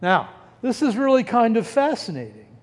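Male pastor, sermon delivery, high voice with a swooping, lively range; hall reverb. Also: normal speed. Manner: animated, rhetorical questions, breaks off mid-word. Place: church sanctuary.

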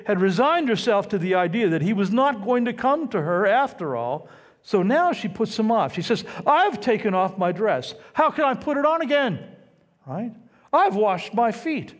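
Animated high-voiced man preaching in a hall. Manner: animated, conversational teaching with asides. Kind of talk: sermon. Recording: long hall reverb.

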